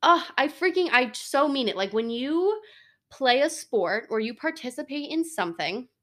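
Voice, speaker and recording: Her voice is high and sing-song, a bit bright, moving at a moderate pace. She's a twenty-something woman hosting her own podcast, casual and sincere, sprinkling in plenty of "like" and "you know."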